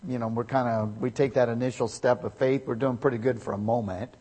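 A man's voice: mid-range voice, fairly even intonation, a little fast, breathy edge. Emphatic preacher man in an echoey hall. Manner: emphatic, swings from loud to quiet. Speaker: pastor. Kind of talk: sermon. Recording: echoey hall with long reverb.

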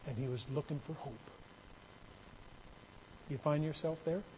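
A man's voice: fairly high pitch, a little slow, warm tone, a little hiss or hum, low-quality recording. A man preaching a sermon in a conversational way that builds into emphatic, raised passages. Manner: conversational, rising to emphatic bursts. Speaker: pastor.

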